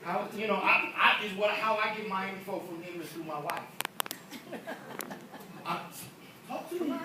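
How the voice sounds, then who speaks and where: A middle-aged man preaching in church with emotional force, swinging from hushed asides to shouting. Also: high voice, moderate pace, pauses often, a crowd in the background. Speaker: pastor. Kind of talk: energetic sermon. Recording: echoey hall from far off, noisy.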